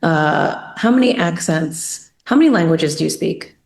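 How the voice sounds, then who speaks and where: A woman's voice: low voice, lively intonation, measured pace, creaky. A woman interviewing a former teacher, asking admiring questions in a casual conversation. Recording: echoey room.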